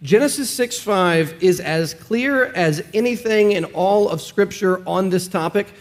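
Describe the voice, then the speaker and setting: Pastor, male, high voice, earnest storytelling preacher. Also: unhurried. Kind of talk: sermon discussion.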